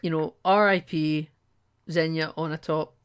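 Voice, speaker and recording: A woman co-hosting a podcast, casually recapping a film scene by scene and slipping into quick quoted asides. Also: deep voice, fairly even intonation, clear, resonant tone. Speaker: podcast co-host.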